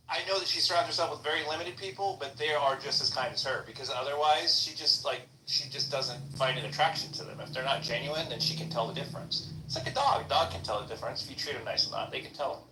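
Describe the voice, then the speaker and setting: A man's voice: medium pitch, quick pace, sharp tone, echoey room, recorded from a distance, slight background noise, poor audio. A man telling a rambling story in casual chat, swearing as he goes. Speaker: guest speaker. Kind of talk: casual chat in a live audio room.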